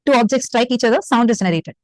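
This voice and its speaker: A woman's voice: a little high, very fast, no room sound, poor audio. A woman with an Indian English accent teaching a spiritual session online, explaining through questions to her listeners.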